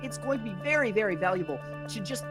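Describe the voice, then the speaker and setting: A color commentator on a live esports broadcast. The voice is middling in pitch, and the analysis comes with a playful, teasing edge and easy banter. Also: animated, fast, over loud music.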